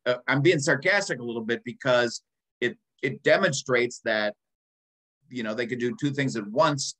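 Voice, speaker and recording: A man's voice: medium pitch, moderate pace, a bit bright, low-quality recording. Rambling man in his sixties. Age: 60s. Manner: rambling, many ums and uhs, self-interrupting. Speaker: podcast co-host. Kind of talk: casual chat.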